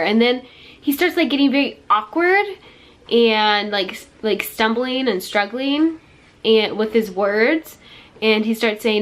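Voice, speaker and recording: A woman talks to her viewers in a casual storytime vlog. Her retelling is chatty and quick. She slips into other people's quoted words as she goes. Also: on the high side, lively intonation. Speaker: vlogger.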